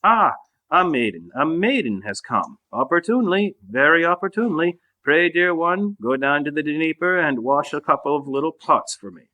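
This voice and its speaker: A man's voice: on the high side, a little slow, fairly bright tone. Old monk elder, holy fool, rebuking and blunt, read by a man in a monastery refectory. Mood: joyous. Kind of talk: reading a saint's life aloud.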